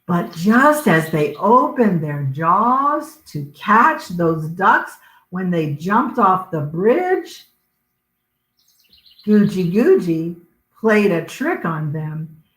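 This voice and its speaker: A woman librarian reading a picture book aloud to children as an expressive storyteller. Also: on the low side, extremely slow, reverberant. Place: outdoor garden.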